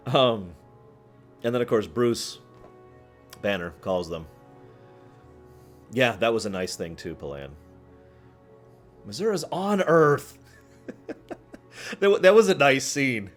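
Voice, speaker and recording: A man streaming, chatting casually with his viewers in a rambling, animated way, often laughing and acting out scenes. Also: lowish voice, a little slow, long pauses, faint music behind. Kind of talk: casual chat with live chat.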